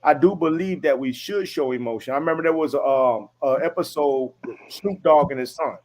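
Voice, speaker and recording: A man's voice: on the high side, brisk, darkish tone. A man talking on a casual panel, thinking aloud with lots of "you know what I mean.". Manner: conversational, many fillers, asks the others. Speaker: panel guest.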